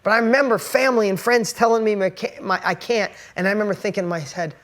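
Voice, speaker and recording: A man's voice: high voice, fairly even intonation, fast, a bit bright. A man giving an earnest, conversational motivational talk straight to camera, pressing his points with emphasis. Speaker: motivational speaker.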